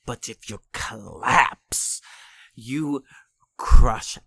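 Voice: mid-range voice, drawn-out words, gravelly, fairly bright tone, slightly rough, no echo, studio quality, heavily acted. A performer playing an evil goose-feathered supervillain man with a German accent, menacing and grandiose, in broken English. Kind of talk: improvised comedy character interview.

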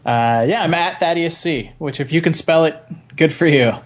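Easygoing man guesting on a podcast. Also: fairly high pitch. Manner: easygoing, halting with fillers. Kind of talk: casual podcast chat.

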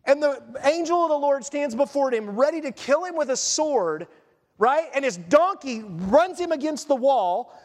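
A male pastor preaching a sermon in an animated, conversational way, firing off rhetorical questions and acting out the story. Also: extremely high pitch, normal speed. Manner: acts out story voices. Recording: long reverb in a church hall.

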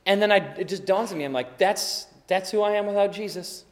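A man preaching a sermon as a pastor, telling stories with animation and swinging from loud to hushed. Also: high voice, fast, few pauses. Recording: long reverb in a large hall.

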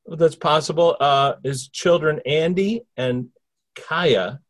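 A man's voice: fairly high pitch, slow. Man hosting a rambling interview. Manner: asks long wandering questions with restarts. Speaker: host interviewing a spirit through a medium. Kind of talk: casual interview talk.

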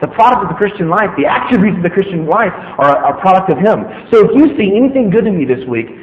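A man's voice: high voice, big pitch swings, fast. A man preaching a sermon, emphatic and joking, speaking straight to his listeners. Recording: echoey hall, dull lo-fi sound.

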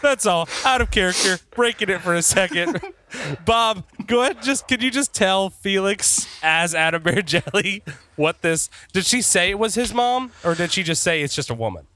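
A man's voice: high voice, expressive, moderate pace, sharp tone. A man joking around as a player in a casual tabletop role-play session, giggly and pleading.

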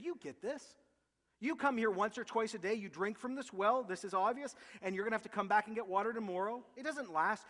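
A man preaching a sermon as pastor, emphatic and animated, often acting out quotes from scripture. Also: high voice. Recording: long hall reverb.

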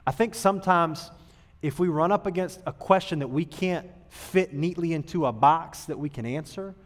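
A man preaching as a youth pastor in a church auditorium, talking in a casual, earnest way that moves from loud emphasis to hushed tones. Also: a little high, normal speed. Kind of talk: sermon to youth group. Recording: long hall reverb.

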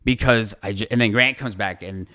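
A man with a low voice tells stories from his career in a loose interview. His tone is animated and he swears casually. His voice is smooth and resonant. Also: a little fast. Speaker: guest, lawyer.

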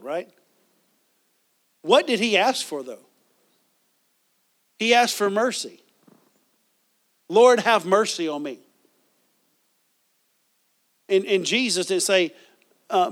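A man preaching a sermon as pastor, reading scripture and asking the congregation questions, with frequent restarts. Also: sits high.

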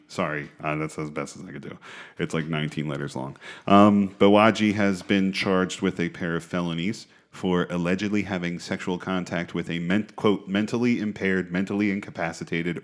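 A young man with a very low, deep voice chats loosely on a podcast, swearing and cracking jokes as he reads the news. His delivery is crude and laughing, the easygoing talk of a co-host among friends. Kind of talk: casual chat reading news.

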